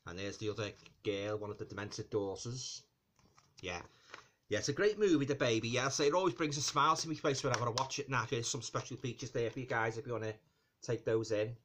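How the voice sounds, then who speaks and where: A man chats through a film review in a loose, rambling way. His voice sits at an ordinary middle pitch for a man. He keeps circling back, restarting phrases and padding them with fillers while calling out to his viewers as guys. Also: quick pace, a bit bright, a little hiss or hum. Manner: repeats himself and restarts phrases often. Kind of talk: casual movie review vlog.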